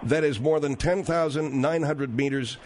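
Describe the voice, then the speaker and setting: A man's voice: on the high side, moderate pace, darkish tone, slight background noise. A man hosting a talk radio show, patiently insisting on his facts with many fillers. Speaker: radio host.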